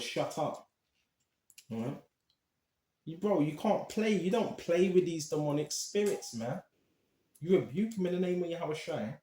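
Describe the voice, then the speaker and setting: A man's voice: fairly high pitch, mellow, echoey room. A man teaching from the Bible in a casual, conversational way, reading verses and often checking in with "right?". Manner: conversational, street slang, keeps asking "right?". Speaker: preacher.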